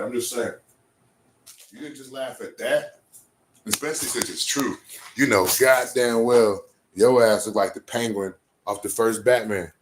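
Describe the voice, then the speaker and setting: A man doing rambling livestream banter, crude and trash-talking, answering his chat. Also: medium pitch. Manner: sings off-key bursts of a ballad.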